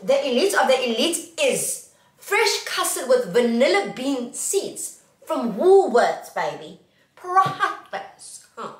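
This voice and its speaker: A young South African woman films a casual haul vlog, chatting playfully to her viewers in a sing-song way. Her voice sits on the high side with big pitch swings and a slow pace. She's a little off mic and far away, in an echoey room.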